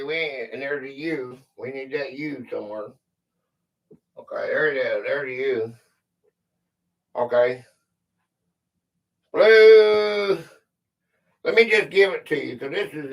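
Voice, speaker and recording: A man's voice: fairly high pitch, sharp tone, far from the mic. A man with a Southern US country drawl hosting a live quiz stream, chatting loosely with viewers and reading questions aloud. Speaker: quiz livestream host. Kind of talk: casual livestream chat.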